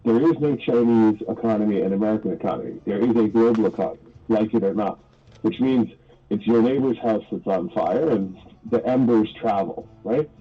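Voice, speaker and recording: A man's voice: lowish voice, a little fast, breathy edge. A man speaking as an economist guest on a radio talk show, explaining in an earnest, articulate way. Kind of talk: radio interview commentary. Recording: dull lo-fi radio audio.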